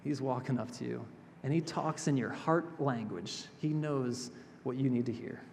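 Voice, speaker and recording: A male pastor delivering a sermon in a chapel, expressive, moving between emphatic passages and hushed, gentle ones. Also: medium pitch, moderate pace, creaky, a little hiss or hum. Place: chapel sanctuary. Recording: reverberant chapel hall.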